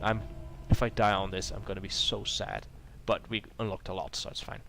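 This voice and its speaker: A man's voice: on the low side, little pitch movement, brisk, vocal fry, hardly any pauses, sharp tone, a little hiss or hum. A man hosting a let's play, reading game text aloud and adding rambling asides. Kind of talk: narrating a video game playthrough.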